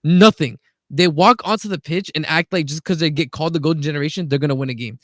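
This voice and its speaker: A man's voice: on the high side, fast talker, a bit bright, no echo, studio quality. A man co-hosting a casual football chat on a video call, blunt and opinionated. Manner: blunt, opinionated, says "bro" a lot. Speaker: podcast co-host.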